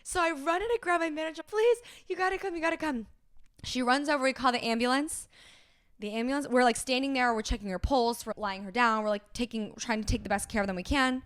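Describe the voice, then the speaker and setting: A young woman co-hosting a podcast, telling an animated work story in casual chat and swearing freely. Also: a little high, quick pace, clean tone. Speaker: podcast co-host.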